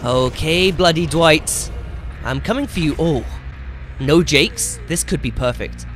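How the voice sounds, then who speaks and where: A young man commentating his own gameplay as he plays, excitable and swearing loudly whenever things go wrong. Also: on the high side, a little slow, faint music behind. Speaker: gaming YouTuber.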